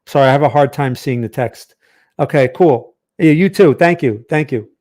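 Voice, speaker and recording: A trading channel host, this man runs a live market analysis stream in a mid-range, brisk, slightly mellow voice. He's chatty and tired, reads viewer chat aloud, and keeps asking "right?" while speaking close to a studio microphone.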